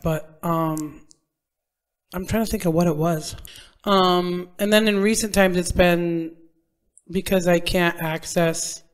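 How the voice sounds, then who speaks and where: A woman co-hosting a casual podcast, answering candidly in an earnest, fairly soft way. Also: lowish voice, clean tone. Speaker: podcast co-host. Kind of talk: casual chat.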